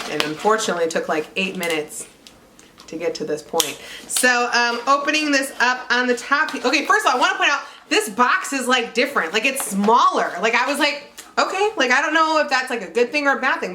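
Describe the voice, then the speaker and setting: A young woman vlogging to camera, chatty and bubbly, with lots of "like" and excited squeals of "oh my God". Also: mid-range voice, a little hiss or hum. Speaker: beauty vlogger unboxing a subscription box. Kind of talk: casual chat to camera.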